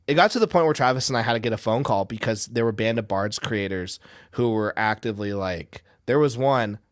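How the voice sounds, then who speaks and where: A man's voice: on the low side, a little fast, no room sound, clean studio sound. A man hosting a podcast, chatting casually in a rambling, profane way, often repeating words. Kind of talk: casual chat.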